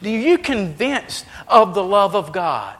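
A man preaching a sermon as pastor, swinging between hushed, intimate lines and loud, emphatic ones. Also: high-pitched, big pitch swings, slow pace, big-room sound. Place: church sanctuary.

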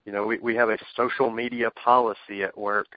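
A man, a ring announcer, guesting on a radio talk show, telling anecdotes in a halting way with many restarts. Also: lowish voice, little pitch movement, dry recording, muffled recording. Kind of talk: casual radio interview, storytelling.

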